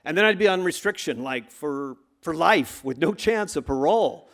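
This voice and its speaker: A middle-aged man tells a true story to a live audience, his slightly high voice swinging from hushed and low to loud, excited bursts. He acts out the moments and shifts with the tension of the tale. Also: moderate pace. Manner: animated, acts out the shouts of coaches. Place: stage before a live audience.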